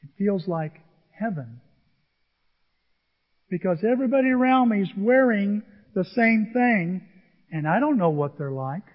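High-voiced man in his sixties preaching. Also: a little slow, pauses often. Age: 60s. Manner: animated, emotional storytelling. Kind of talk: storytelling sermon. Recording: echoey hall, dull lo-fi sound.

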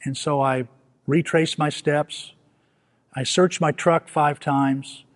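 A man preaching a storytelling sermon, animated and self-mocking, acting out the scenes he recounts. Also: fairly high pitch, takes it slowly. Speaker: pastor. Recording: long hall reverb.

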